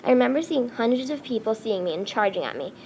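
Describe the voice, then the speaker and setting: Woman storyteller, fairly high, some vocal fry, halting read with restarts. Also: lively intonation, darkish tone, a little hiss or hum. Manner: halting, with frequent restarts and self-corrections. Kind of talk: reading a first-person story aloud.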